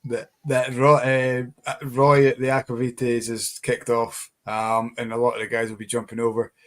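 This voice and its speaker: A man co-hosts a relaxed live chat. His pitch is middling, and he tells stories in a meandering way, with plenty of pauses and restarts. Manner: rambling, with many fillers and restarts. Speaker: co-host, tour guide. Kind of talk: casual storytelling in live chat.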